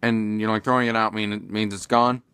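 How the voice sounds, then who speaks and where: A man's voice: lowish voice, level tone, a little fast, bright, forceful tone, smooth, no echo. A man casually commenting in a vlog, rambling and hesitant with many fillers and restarts. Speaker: video commentator.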